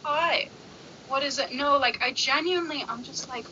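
A woman with a very bright, sharp voice and a slightly high pitch chats casually and swaps sarcastic stories. She acts out both sides of each exchange with animated timing. The recording sounds a little muffled, with faint noise underneath. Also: normal speed. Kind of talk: casual chat.

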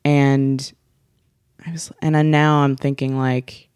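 A woman's voice: rumbling low, little pitch movement, slow pace, a little mellow, smooth, no room sound, clean studio sound. A woman of twenty-three in casual conversation as a guest, talking in a chatty way with many fillers and restarts. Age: 20s. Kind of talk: casual chat.

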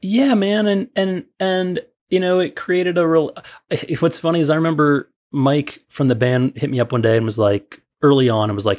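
A man's voice: on the high side, fairly even intonation, fairly quick. A man from Illinois telling a long, rambling story as a podcast guest, full of fillers and restarts. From Illinois, USA. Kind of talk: casual storytelling.

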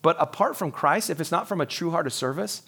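A male pastor preaching a sermon in a relaxed, conversational way, acting out little dialogues and laughing now and then. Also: fairly high pitch, quick pace.

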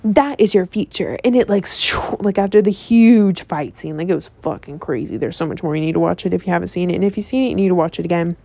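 A woman casually retelling a film scene, rambling and animated, with lots of swearing and filler words. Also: fairly low pitch, quick pace, vocal fry, hardly any pauses, no echo. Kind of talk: casual storytelling.

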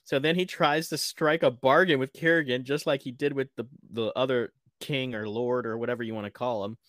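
A man's voice: mid-range voice, fairly quick, no echo, clean studio sound. A man co-hosting a podcast, chatting casually and animatedly about a TV episode, laughing often. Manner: animated, laughs a lot, acts out quotes. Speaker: podcast co-host. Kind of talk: casual TV recap chat.

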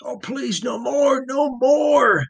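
A man voicing a terrified tortured captive who begs and screams in high, strained cries. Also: slow, vocal fry, slightly rough, dry recording, full character voice. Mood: screaming. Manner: high pleading cries and shouts.

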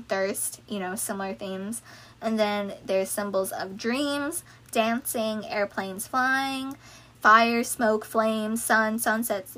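A young woman talking through song lyrics in a casual, chatty way, reeling off lists and breaking into excited asides. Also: mid-range voice. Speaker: fan video creator. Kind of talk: casual lyric analysis talk.

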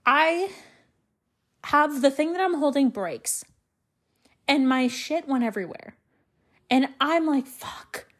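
A woman's voice: high-pitched, takes it slowly, long pauses. A young woman hosting a solo podcast, venting angrily and swearing heavily as she tells a story and walks through a list. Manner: angry, heavy swearing, animated storytelling. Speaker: podcast host.

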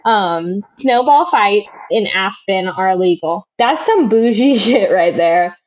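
A young woman co-hosting a podcast in casual chat, bubbly and quick to laugh. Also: mid-range voice, animated, lo-fi sound. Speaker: podcast co-host.

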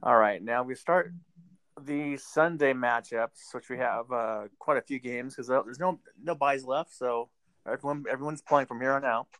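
A man's voice: medium pitch, moderate pace, a bit bright, no room sound. A man hosting a casual sports chat, making game picks in a chatty way with sarcastic asides. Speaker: podcast host making football picks.

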